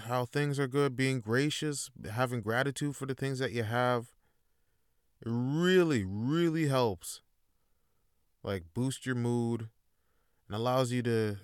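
A man hosts a solo podcast, rambling in a laid-back, heavily profane monologue. His mid-range voice is smooth, and the studio recording is clean with no echo.

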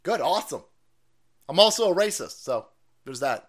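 Lively, swearing male streamer ranting. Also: a little high, moderate pace, pauses often. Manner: swearing, sudden shouting bursts, mocking voices. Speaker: streamer host. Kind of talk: profane political rant commentary.

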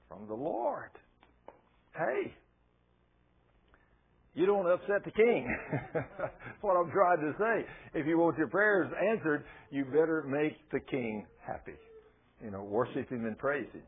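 A man preaching a sermon in a folksy, animated storytelling manner. His voice sits a little high and sounds husky. The recording is thin and tinny, like a phone line. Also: unhurried, long pauses. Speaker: pastor.

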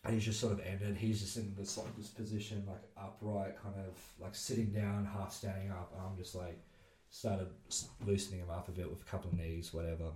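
A man's voice: deep voice, level tone, brisk, warm tone, slight background noise. An Australian man who is a guest on a podcast, talking loosely with many fillers and swearing. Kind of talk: casual chat. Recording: roomy echo.

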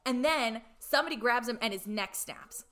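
Bright-voiced chatty woman. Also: on the high side, lively intonation, normal speed. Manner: chatty, full of "like" fillers; playfully irreverent asides. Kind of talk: casual chat retelling a film plot.

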